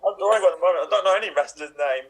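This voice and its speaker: Male improviser, mid-high voice, casual and offhand. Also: very fast, a little hiss or hum. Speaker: improv performer.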